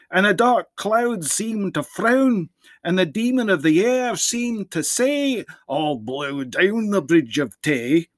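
A man's voice: sits high, no room sound. Man declaiming a poem in a Scottish lilt. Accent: put-on Scottish dialect. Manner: theatrical, declamatory recitation. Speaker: priest and historian, podcast guest. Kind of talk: dramatic poem reading.

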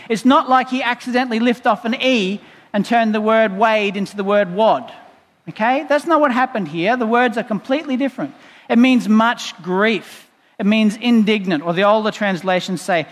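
High-voiced pastor preaching in a reverberant church. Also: male voice. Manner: conversational, playful asides, explanatory. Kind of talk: sermon. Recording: long reverb in a church hall.

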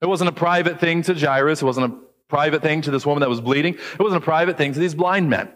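A man preaching a sermon as pastor, conversational, acting out quoted voices and slowing down to read scripture. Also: a little high, a bit bright, big-room sound.

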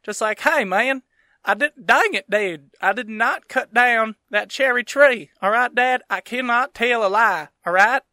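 A man's voice: very high voice, a little slow, pushed and bright, no echo, clean studio sound, pitched above the performer's own voice, exaggerated voice. A man voicing a rowdy redneck frontier man in a put-on Southern US drawl, brash and slangy. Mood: rowdy defensive.

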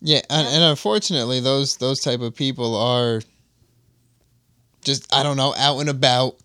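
A young man in casual podcast chat, relaxed and chatty, swearing freely. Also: medium pitch, moderate pace, clean tone, dry recording, clean studio sound.

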